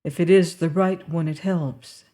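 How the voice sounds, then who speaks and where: A woman reading the part of a gentle, strong man who soothes a fevered girl in a low, monotonous, half sing-song croon. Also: a little slow, close to an everyday voice. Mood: calm. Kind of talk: audiobook character reading.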